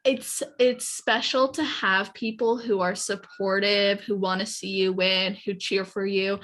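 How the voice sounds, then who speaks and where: A woman hosts an interview podcast in casual chat. She speaks earnestly and warmly affirms her guest. She often repeats a word before her sentence gets going. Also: medium pitch, little pitch movement, a little slow. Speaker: podcast host.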